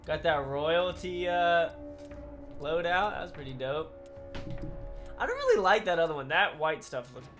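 A man's voice: on the high side, unhurried, pauses often. A tired man giving joking, trash-talking live commentary over his own gameplay, yelping at big plays. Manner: excitable, yelps and laughs at big plays. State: tired from travel. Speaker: gaming commentator. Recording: music playing behind.

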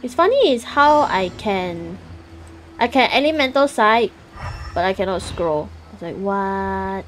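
A woman's voice: medium pitch, expressive, measured pace, faint music behind. A young woman streaming a game, chatting casually in a playful, giggly way with squeals and silly sound effects.

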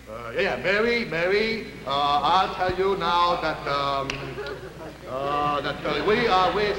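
An actor playing a naive, bumbling young man who wants to be a star, stammering and fumbling for words. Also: a little high. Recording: hissy echoey early TV kinescope.

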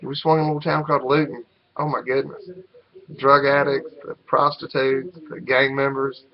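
A man's voice: medium pitch, level tone, moderate pace, vocal fry, muffled recording. Rambling Southern man with a North Carolina drawl. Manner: rambling and hesitant, with frequent ums and restarts. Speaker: vlogger. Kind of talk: unscripted monologue to camera.

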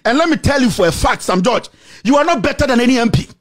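A man with a Ghanaian accent delivering an angry, insulting rant to the camera, repeating himself and shouting. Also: very high-pitched, lively intonation, fast. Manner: shouting, insulting, repetitive tirade. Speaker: political commentator.

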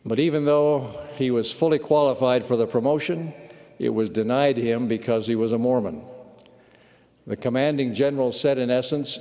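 A man telling a story during a sermon, in a measured, earnest way. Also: mid-range voice, dark tone. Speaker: church leader giving a sermon. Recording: long reverb of a large hall.

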